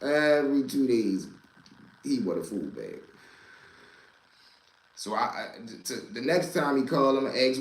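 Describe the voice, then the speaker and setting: A man's voice: mid-range voice, sing-song, unhurried, pauses often, roomy sound, low-quality recording. A man hosting a casual storytelling show, talking in profane street slang and repeating lines for emphasis. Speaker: host telling street stories.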